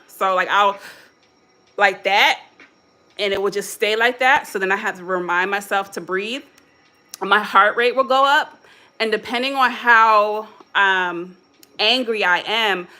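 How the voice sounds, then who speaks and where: Bright-voiced American woman giving casual motivational talk. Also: mid-range voice. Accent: American English, Philadelphia and Chicago mix. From Philadelphia and Chicago. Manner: casual, candid, self-coaching with quoted self-talk; speaks straight to viewers as "y'all". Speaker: motivational host. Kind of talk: live-stream motivational talk.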